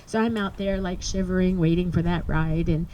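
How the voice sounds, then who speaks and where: A middle-aged woman telling a personal story to an audience, earnest and halting, with many restarts. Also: on the low side, fairly even intonation, mellow, a little hiss or hum, poor audio. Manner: earnest, halting, emotional recounting. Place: live performance space.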